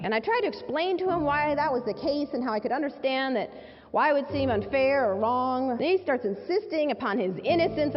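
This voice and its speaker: A woman's voice: fairly high pitch, expressive, moderate pace. A woman, a civil rights lawyer, giving a public speech and telling a personal story with emphasis, repeating key phrases. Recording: echoey hall, dull sound, faint music underneath.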